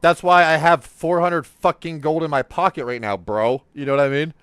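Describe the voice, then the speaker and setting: A man hosting a gaming podcast, telling stories in casual, profane, animated chat while he plays. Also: fairly high pitch, moderate pace, clear, resonant tone, no echo, clean studio sound. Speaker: streamer and podcast host.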